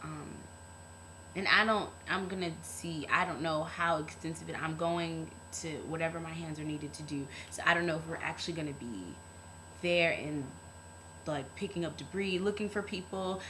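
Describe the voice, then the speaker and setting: A woman's voice: deep voice, normal speed, bright, forceful tone, a little hiss or hum, low-quality recording. A young woman talking to camera in a casual vlog, earnest and heartfelt, rambling with lots of fillers. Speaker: vlogger.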